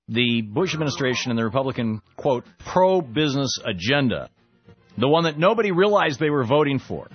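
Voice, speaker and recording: A man hosting a political call-in radio show, emphatic and opinionated, often repeating words as he talks. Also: mid-range voice. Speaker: radio talk show host. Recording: slightly muffled radio broadcast.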